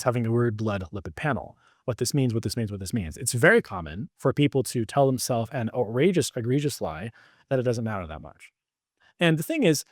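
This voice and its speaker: A man guest on a podcast who talks fast and rambles, piling up fillers as he explains himself. His voice sits in a middle pitch. The sound is dry and close. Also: dry recording. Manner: rambling, animated, filler-heavy. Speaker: podcast guest, business coach. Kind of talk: casual interview chat.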